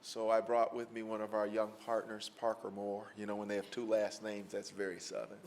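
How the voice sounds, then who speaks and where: A man's voice: fairly low pitch, monotone, a little fast, darkish tone, a little hiss or hum. A man from Mississippi, a lawyer giving a lecture, telling stories in a folksy way with many fillers. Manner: folksy, anecdotal, frequent fillers. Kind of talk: storytelling lecture answer. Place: lecture hall with audience.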